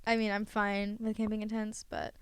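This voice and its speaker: A woman's voice: medium pitch, completely flat delivery, normal speed, clear, resonant tone, no echo. A teenage girl chatting casually on a podcast, rambling through long explanations with plenty of fillers and running short of breath. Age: teens. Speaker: podcast guest. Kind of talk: casual chat.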